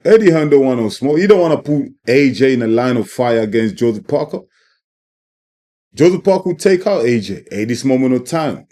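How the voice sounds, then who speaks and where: Speaking fairly quickly in an animated, mid-range voice with a dark tone, a man gives his strong opinions on boxing for his channel. He hammers points home by repeating them, peppering his talk with "man" and "you know what I mean."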